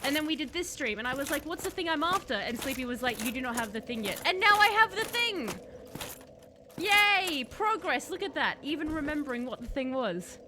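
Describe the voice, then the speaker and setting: A woman streaming a game live, chatting casually, reading chat aloud and breaking into excited outbursts. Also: high voice, quick pace, few pauses, background noise.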